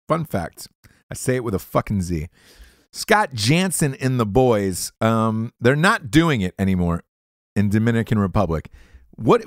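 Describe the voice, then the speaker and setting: Man, podcast host, crude joking ad read, swings high and low, dry close mic. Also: no echo. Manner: profane, rambling, jokey riffs. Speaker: podcast host reading ads.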